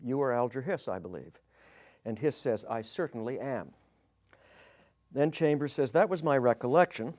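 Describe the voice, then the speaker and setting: A man's voice: medium pitch, lively intonation, moderate pace, pauses often, darkish tone. A man narrating a history podcast, reading out quoted dialogue with small shifts of tone and the odd correction of a slip. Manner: reads quoted dialogue with light changes of tone; slips and corrects himself as he reads.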